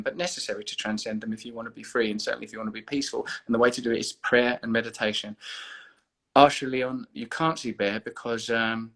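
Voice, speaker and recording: A man talks casually to his livestream viewers from home, holding the phone himself. His voice is bright and forward, and he rambles in a loose, playful way that turns earnest. The sound is close and direct from the handheld phone. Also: medium pitch. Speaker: livestream host. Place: indoors at home. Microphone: phone held at arm's length.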